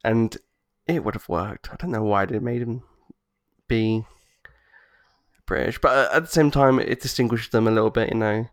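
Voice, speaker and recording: Man, lowish voice, dry close recording, enthusiastic, rambling podcast chat. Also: moderate pace, dry recording. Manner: rambling, enthusiastic, restarts his sentences. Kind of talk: casual chat.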